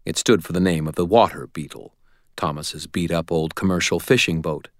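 A man reading a first-person audiobook in an even, understated manner. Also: low voice, normal speed, no echo, clean studio sound. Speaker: audiobook narrator.

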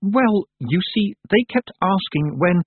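A man's voice: high voice, wildly swooping pitch, moderate pace, breathy edge, dry recording, pitched above the performer's own voice, exaggerated voice. A man voicing an anxious, hesitant young girl, an apprentice witch, recorded on dry, tinny, phone-like audio. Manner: hesitant, worried.

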